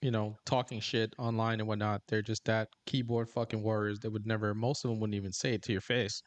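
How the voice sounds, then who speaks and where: A man's voice: on the low side, little pitch movement, a little fast, no room sound. A man hosting a podcast, speaking bluntly and casually with some swearing. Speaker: podcast host.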